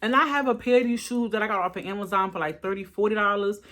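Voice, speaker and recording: A woman hosting a casual fashion haul vlog, animated and talking straight to her viewers, tired and a bit out of breath. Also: mid-range voice, fast.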